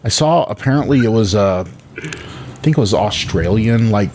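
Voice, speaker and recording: Low-voiced man chatting, halting and rambling. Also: expressive, a little mellow, slight background noise. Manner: halting, with many restarts. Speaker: podcast co-host. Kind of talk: casual chat.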